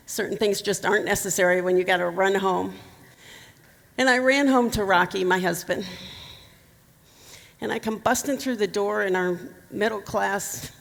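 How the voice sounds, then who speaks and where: Woman, middle-aged, gravelly voice, speaking in a conference hall with long reverb, candid storytelling. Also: mid-range voice. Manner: candid, emotional storytelling with humor. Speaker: keynote speaker. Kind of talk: personal story talk at a conference.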